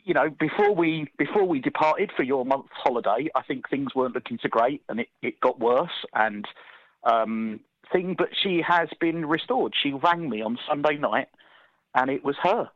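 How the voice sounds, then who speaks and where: A man's voice: mid-range voice, expressive, moderate pace, dry recording. Chatty man, muffled mic. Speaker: podcast co-host. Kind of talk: casual chat.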